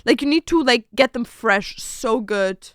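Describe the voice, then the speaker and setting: A young woman chats away to her stream viewers in a smooth, clear voice that sits a little high. She thinks aloud as she goes and swears casually. The sound is dry and close on the mic. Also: expressive, unhurried, a bit bright, no room sound. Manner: chatty, swears casually, thinks aloud while ordering food.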